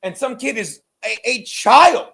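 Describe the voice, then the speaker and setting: A man's voice: extremely high pitch, animated, unhurried, vocal fry, pushed and bright. A man co-hosting a podcast in casual chat, profane, rambling and self-mocking. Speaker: podcast co-host.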